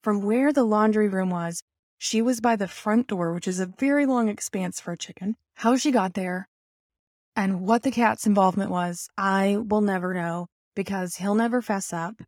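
A woman telling a personal story in an animated, self-mocking way, full of rambling asides. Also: medium pitch, moderate pace, dry recording, studio quality.

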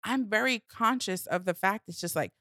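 A woman telling a personal story in a candid podcast conversation, animated and laughing often. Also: mid-range voice, normal speed, dry recording, studio quality. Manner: animated, laughs often, acts out her inner voice. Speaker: guest sharing personal story. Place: studio, seated at a mic. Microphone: close studio mic.

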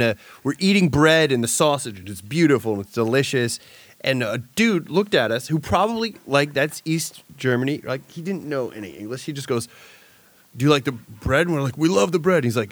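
A man trades stories on a casual podcast, laughing easily and talking in slang. His voice sits a little high and leaps up and down as he gets animated. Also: dry recording.

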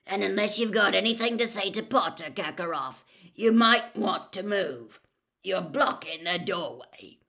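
A woman voicing a gruff, grizzled old male wizard with a grim, barking manner, reading a storybook aloud. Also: mid-range voice, lively intonation, unhurried, fairly bright tone.

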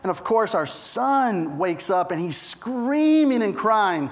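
High-voiced pastor telling a chatty story. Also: male voice, slow pace. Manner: chatty, animated storytelling with frequent asides to the listeners. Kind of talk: storytelling sermon.

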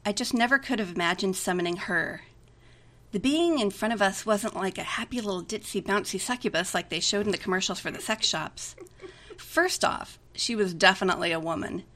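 A woman's voice: mid-range voice, brisk, fairly bright tone. A woman reading a romantic comedy aloud in a chatty way, giggling often between lines. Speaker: story reader.

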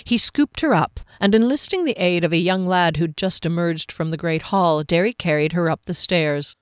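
A woman narrating a fantasy novel in a measured, expressive storytelling voice on a close mic. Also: fairly low pitch, clean tone, no room sound. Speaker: audiobook narrator.

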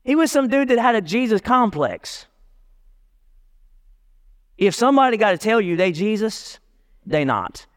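Pastor preaching casually, fairly high voice. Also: male voice, unhurried, pauses often, long reverb tail. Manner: lively, casual street-talk preaching with jokes. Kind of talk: sermon.

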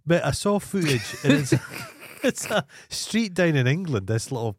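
A man's voice: a little high, big pitch swings, unhurried, slightly rough, dry recording. A man with a Scottish accent, co-hosting a podcast, chatting and reacting with jokes and swearing. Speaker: podcast co-host. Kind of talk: casual chat.

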